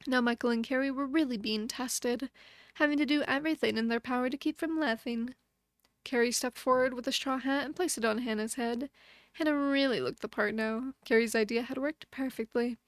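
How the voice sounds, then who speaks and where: A young woman streamer reading a bedtime story aloud in a soft, motherly storybook voice. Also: a little high, a little fast, no echo, studio quality. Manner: chatty and thankful toward her viewers.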